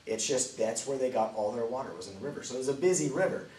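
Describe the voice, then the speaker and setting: A man teaching a children's Bible lesson as a lively storyteller, swinging between loud and hushed delivery. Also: medium pitch, fast. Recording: roomy, distant mic, faint ambient noise.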